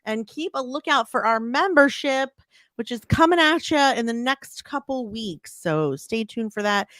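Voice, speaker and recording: A woman co-hosting a podcast, playful and animated in casual chat. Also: a little high, normal speed, no echo. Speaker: podcast co-host.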